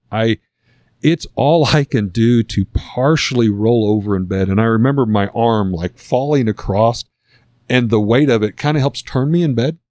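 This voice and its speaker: Lowish dry-voiced man telling a story. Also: a little mellow, no room sound. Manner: earnest and reflective. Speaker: guest sharing a personal story. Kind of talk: conversational storytelling.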